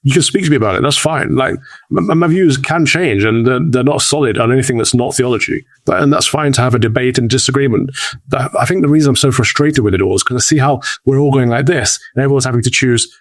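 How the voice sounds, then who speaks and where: A man's voice: mid-range voice, fast talker, no echo. A British man, a priest co-hosting a casual chat over a video call, speaking frankly and emphatically. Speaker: priest and co-host.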